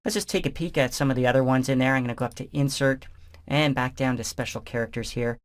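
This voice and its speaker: Man narrating a software screencast tutorial. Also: medium pitch, fast talker. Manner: relaxed, conversational step-by-step explaining. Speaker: software instructor.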